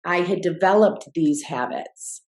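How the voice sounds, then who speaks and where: Casting: middle-aged woman, low voice, reflective coach telling a personal story. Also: darkish tone. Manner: reflective, slows down to stress key words. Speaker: guest, former swimmer and mindset coach. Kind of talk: storytelling in a podcast interview.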